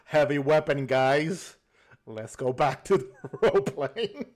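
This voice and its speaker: A man narrating a tabletop game as game master, pausing with many fillers. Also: a little high, expressive, a little mellow. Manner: hesitant, filler-heavy narration.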